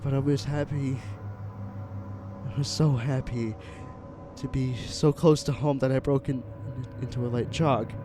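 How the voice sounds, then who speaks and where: A man narrating a first-person horror story in an earnest, halting way, with small restarts. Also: medium pitch, steady tone. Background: music.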